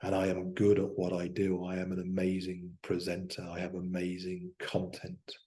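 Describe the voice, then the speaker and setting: A man demonstrating self-hypnosis aloud as a coach, talking himself through slow, soft affirmations. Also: low voice, completely flat delivery.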